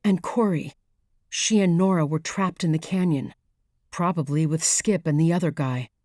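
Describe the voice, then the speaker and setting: A woman narrating a thriller audiobook in a measured, even storytelling manner, read close to the mic. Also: sits low, dry recording. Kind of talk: scripted narration.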